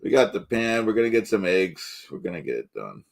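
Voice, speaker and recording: A man's voice: fairly low pitch, very animated, fairly quick, vocal fry. A man playing Ray DeVito, a touchy blowhard. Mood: blustering. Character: pompous, touchy middle-aged man cooking eggs live. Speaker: livestream host in character. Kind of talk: improvised character comedy stream.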